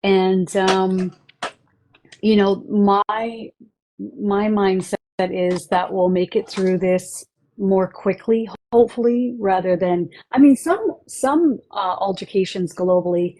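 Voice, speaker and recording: A woman hosting a livestream about channeled spiritual messages, earnest and halting, with many fillers. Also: medium pitch, mellow, low-quality recording.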